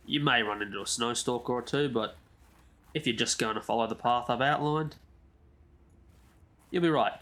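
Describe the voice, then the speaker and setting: A man's voice: mid-range voice, fairly bright tone. Easygoing man narrating gameplay. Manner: easygoing, chatty, rambles into asides. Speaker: gaming YouTuber. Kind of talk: casual game walkthrough commentary.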